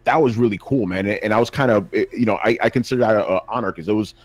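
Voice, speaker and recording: A man co-hosting a gaming podcast, telling stories in a relaxed, slangy way. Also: on the low side, rapid-fire, dry recording. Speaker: podcast co-host and games journalist. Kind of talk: casual chat.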